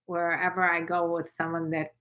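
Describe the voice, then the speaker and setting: A woman's voice: on the low side, level tone, normal speed, a bit bright. A woman co-hosting a casual livestream chat from the American South, greeting viewers by name as she talks. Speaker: livestream co-host.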